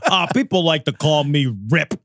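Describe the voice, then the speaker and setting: A man's voice: on the high side, moderate pace, fairly bright tone, no room sound, clean studio sound. Wisecracking male podcast co-host. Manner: joking, wisecracking asides. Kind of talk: casual podcast chat.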